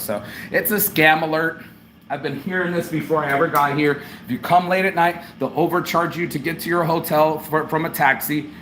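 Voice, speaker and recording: A man's voice: a little high, a bit bright, slight background noise. A middle-aged man ranting in a casual travel vlog, slangy and profane, laughing often as he talks. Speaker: vlogger.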